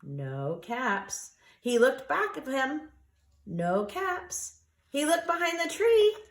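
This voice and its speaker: A woman reading a picture book aloud to young children, taking her time and lingering over the words. Her pitch swings widely as she tells the story, and she invites the listeners to join in. The sound has the echo of a roomy space. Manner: expressive, drawn-out, asks listeners to join in. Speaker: storyteller for a preschool. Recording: echoey room.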